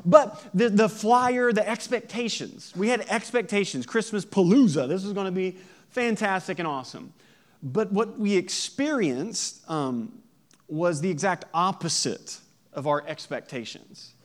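Man, pastor, sermon, animated storytelling, laughs a lot, fairly high voice. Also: unhurried. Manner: lively storytelling, laughs often, acts out voices.

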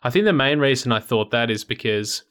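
A man's voice: mid-range voice, expressive, fairly quick, fairly bright tone. A man co-hosting a podcast in casual chat, joking and mock-indignant, laughing easily. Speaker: podcast co-host.

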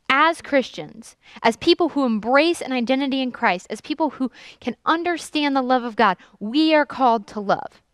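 A woman's voice: sits high, normal speed, clear, resonant tone, dry recording. Earnest young woman preaching a sermon. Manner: earnest storytelling with lively emphasis. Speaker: youth pastor.

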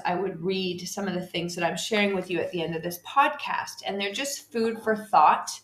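A middle-aged woman hosting a self-help podcast as a menopause coach, emphatic and encouraging, often checking in with "okay?". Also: mid-range voice. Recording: echoey room.

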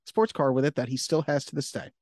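A man's voice: medium pitch, steady tone, quick pace, a little mellow, dry recording, clean studio sound. A man co-hosting a podcast in casual chat, laughing often and acting out quotes. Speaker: podcast co-host.

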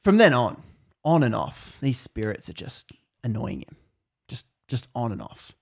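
A man tells a story in a loose, chatty way. He is animated and full of fillers, and he acts out the characters' lines. His voice sits at a middle pitch. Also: unhurried, gravelly. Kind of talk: casual storytelling.

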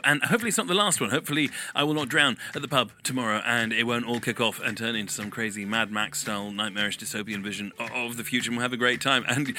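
A man's voice: mid-range voice, pushed and bright. A man hosting a podcast, chatting in a playful, rambling and theatrical way. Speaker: podcast host. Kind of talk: casual chat.

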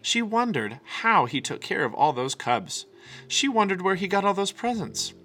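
A man reads a children's picture book aloud with lively, swooping expression. His tone is bright and clear, with soft music playing faintly underneath. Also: high voice, normal speed. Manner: animated, expressive. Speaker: storyteller.

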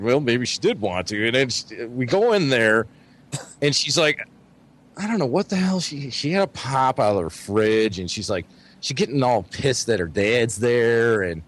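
A man's voice: medium pitch, moderate pace. A man telling a dating story to friends in a casual podcast chat, profane and laughing as he goes. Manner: animated, profane, laughing as he tells it. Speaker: podcast co-host.

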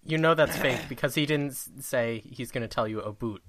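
A speaker chatting casually and throwing in quick quips. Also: medium pitch, a bit bright. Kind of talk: casual chat.

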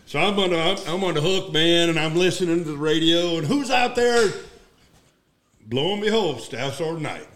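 A man, a retired Marine gunnery sergeant, telling war stories in an emphatic, profane, animated way. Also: fairly high pitch, a little fast, hardly any pauses. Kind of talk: casual war storytelling.

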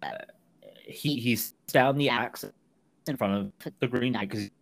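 A man's voice: mid-range voice, normal speed, gravelly, no echo. A man co-hosting a podcast, casually retelling a film's plot and acting out the characters' lines in a raised voice. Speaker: podcast co-host. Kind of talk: casual film discussion.

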